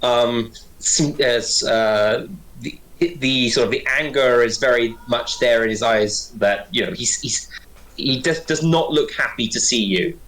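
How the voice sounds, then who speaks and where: A man narrating as game master, talking quickly and chattily with many fillers. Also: mid-range voice, fairly bright tone, low-quality recording.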